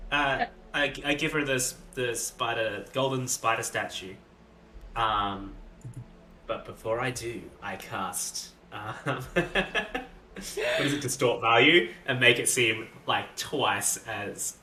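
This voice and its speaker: Bright, lively male player who rambles, recorded in an echoey room. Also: mid-range voice, takes it slowly, a little hiss or hum. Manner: rambling, full of fillers and laughs. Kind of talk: casual tabletop role-play.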